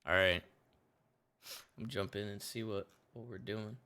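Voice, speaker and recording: Bright-voiced excitable male gamer. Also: fairly low pitch, a little slow, clear, resonant tone. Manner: swearing, laughing, excitable outbursts. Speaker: streamer. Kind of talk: casual gaming stream chat.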